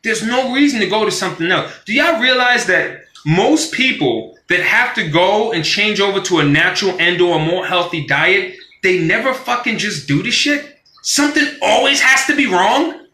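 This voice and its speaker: A man with a high, sharply bright voice rants live to his viewers. He talks loosely and with plenty of profanity, and he acts out quoted voices along the way. The room rings with echo around him. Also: lively intonation, moderate pace. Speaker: vlogger on a live stream. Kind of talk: casual profane rant.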